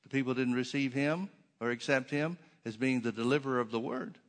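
A man's voice: mid-range voice, fairly even intonation, a little fast. A man preaching a sermon to his congregation in a church, emphatic, with many rhetorical questions and repeated phrases. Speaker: pastor.

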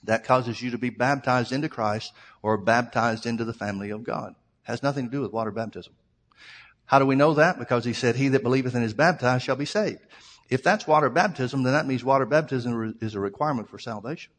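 Preaching to his congregation, a medium-pitched pastor speaks a little fast as he reads scripture aloud and works through it verse by verse. A long hall reverb surrounds his voice.

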